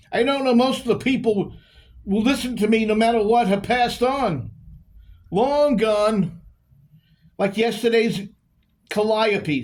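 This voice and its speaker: A man performing a poetry monologue as a confused, emotional divorced man who repeats his phrases and draws out his words. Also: high-pitched.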